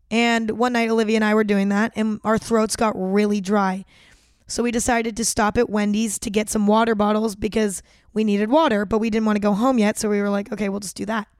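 Chatty young woman, bright voice. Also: a little high, clear, resonant tone, no echo, clean studio sound. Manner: chatty, lots of "like", swears freely. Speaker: vlogger. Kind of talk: casual storytelling vlog. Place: Los Angeles.

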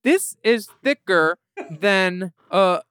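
A man's voice: sits high, expressive, fairly bright tone, clean tone, dry recording. A man co-hosting a podcast in casual chat, campy and sassy as he reads listener emails aloud. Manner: campy, sassy, drawn-out "honey". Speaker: podcast co-host.

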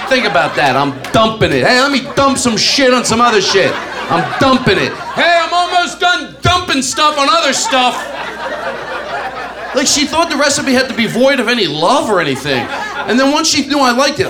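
A man performing a crude, animated stand-up set, acting out the people in his stories. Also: a little high. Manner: animated, acts out characters, crude. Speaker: stand-up comedian. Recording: live club recording with audience noise. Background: audience laughter.

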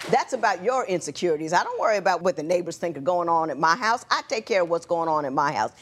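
A woman's voice: lowish voice, expressive, quick pace. A woman presiding as a TV court judge, lecturing in a stern, emphatic manner. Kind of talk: courtroom TV show judging.

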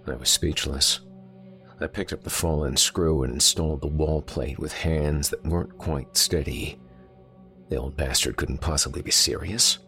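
A man narrating a first-person horror story with measured, tense pacing. His voice is extremely deep with a gravelly edge, and soft music plays underneath.

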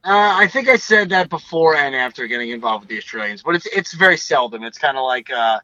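A man's voice: medium pitch, lively intonation, brisk, pushed and bright, no echo, muffled recording. Laid-back guy, swearing freely. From United States. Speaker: guest bassist. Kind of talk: casual interview chat.

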